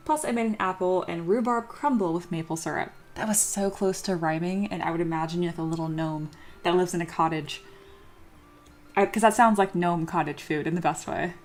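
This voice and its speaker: A woman hosting a sculpting livestream, chatting casually and reading viewer comments aloud with self-deprecating humor. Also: fairly low pitch. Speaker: livestream host sculpting 3D models. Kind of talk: casual livestream chat while working. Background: soft background music.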